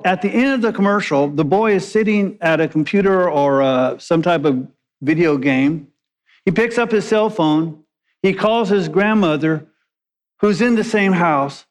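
A man preaching a sermon, a pastor telling stories in a conversational way with joking asides. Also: on the high side. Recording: long hall reverb.

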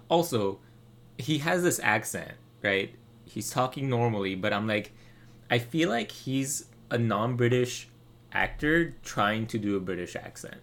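A man's voice: mid-range voice, lively intonation, unhurried, fairly bright tone. A man casually talking through a movie with a friend, loose and chatty with lots of fillers and asides.

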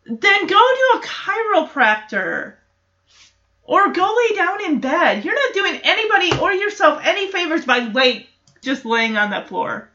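A woman's voice: very high voice, big pitch swings, unhurried, bright, forceful tone, muffled recording. A woman hosting a podcast, recapping a sitcom episode in casual, amused chat with jokey asides.

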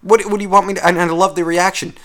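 Male host, comedic rant, fairly high voice, profane and sarcastic. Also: level tone, fast, a bit bright. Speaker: podcast host.

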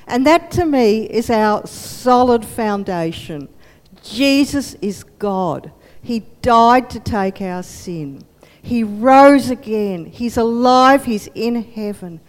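A woman preacher telling a sermon story in an animated way, in a church hall. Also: a little high. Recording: long hall reverb.

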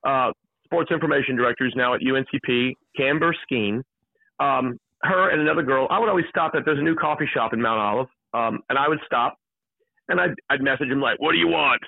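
A man calling in as a sports announcer, telling an excited, jokey story at a rapid clip. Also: mid-range voice, vocal fry, no echo. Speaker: guest, sports play-by-play announcer. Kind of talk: animated storytelling chat. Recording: tinny phone line.

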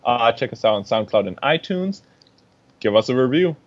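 A man's voice: mid-range voice, expressive, normal speed, lo-fi sound. A man co-hosting a podcast in casual chat, rambling a little and laughing often. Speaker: podcast co-host.

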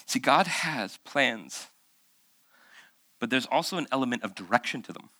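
A man preaching a sermon in a church, with a bright, forceful voice that is captured close and dry. He talks to the congregation like a conversation, keeps throwing rhetorical questions at them, and slips into other voices when he quotes someone. He has been sick for the past several months. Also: mid-range voice, lively intonation, normal speed, no echo. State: recovering from months of illness. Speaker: pastor.

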